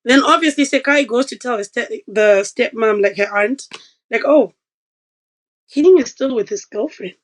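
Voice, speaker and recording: Speaking at a normal pace with a fairly high voice, this woman is a podcast guest recounting something from her own life. She's casual and animated, doing voices for the people she quotes, though the audio is rough.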